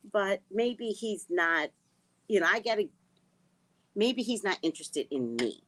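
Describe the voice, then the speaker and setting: A woman host chatting casually with viewers, giggly and drifting between soft murmurs and loud outbursts. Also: mid-range voice, no echo, low-quality recording. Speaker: livestream host.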